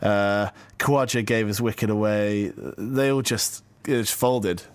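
Wry low-voiced man, dry close sound. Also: fairly even intonation, unhurried, no echo. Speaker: cricket podcast co-host. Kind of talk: casual cricket discussion.

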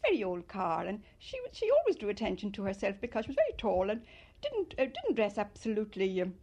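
A woman's voice: mid-range voice, brisk. An older woman reminisces in an interview, her voice rising and falling a lot as she tells her stories. She speaks with fond animation. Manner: fond, animated storytelling with loud mimicry.

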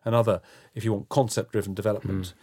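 A middle-aged man answering interview questions frankly and at a measured pace, often restarting his sentences. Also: on the low side, steady tone, warm tone, no echo, clean studio sound. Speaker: interview guest, housing developer.

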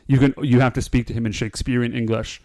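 A man's voice: medium pitch, little pitch movement, fast talker, darkish tone, no room sound, studio quality. A man co-hosting a casual podcast chat, joking in a playful, mock-formal way. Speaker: podcast co-host.

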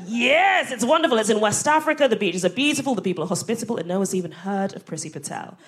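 A woman's voice: medium pitch, animated. A woman with a posh London accent doing a cheeky, punchy stand-up set on a theatre stage. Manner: cheeky, quick storytelling, punchy. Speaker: stand-up comedian. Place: theatre stage before a live audience.

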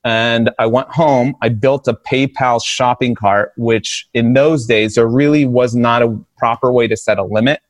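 A man's voice: medium pitch, a little slow, few pauses, dry recording. A man in his forties, a podcast guest, telling a story in a casual way and acting out the voices he quotes. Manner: animated, acts out quoted voices. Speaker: streetwear brand founder, podcast guest. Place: podcast studio.

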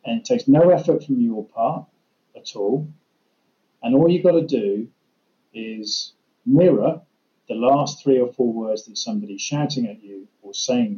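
A man's voice: medium pitch, mellow, dull audio. A man, a communication trainer explaining listening techniques in a practical way with worked examples. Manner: practical, illustrates with acted-out examples. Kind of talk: explaining in a podcast conversation.

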